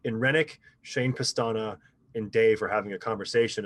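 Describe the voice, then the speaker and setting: A pro paintball player in his thirties chats as a podcast guest, telling stories in a laid-back interview. His fairly low voice is a little fast and recorded with no room sound. He meanders with many fillers and becomes lively when repeating others' words.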